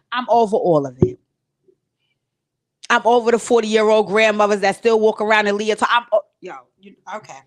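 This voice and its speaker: Woman host, casual live stream from home, direct and emotional with viewers. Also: mid-range voice. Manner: emotional, talks to viewers directly, tearful at times. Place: home recording space.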